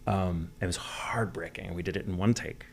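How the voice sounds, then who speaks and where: An American man, a guest voice actor, tells stories in a casual interview, animated and swearing freely as he acts out quoted lines. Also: low-pitched, brisk, gravelly. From United States.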